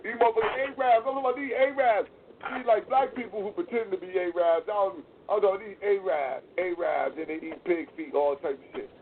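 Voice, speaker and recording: Brisk and high-pitched with fairly even intonation, a man hosting a casual podcast tells loose, foul-mouthed stories, acting out what others said. It's recorded with thin, phone-like quality and a faint hiss.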